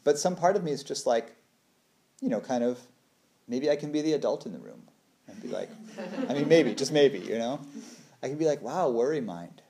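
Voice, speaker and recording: A man's voice: mid-range voice, animated, a little fast, gravelly, long pauses, warm tone. A man in his thirties giving a casual talk on meditation, laughing often and acting out little quoted voices. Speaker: meditation teacher.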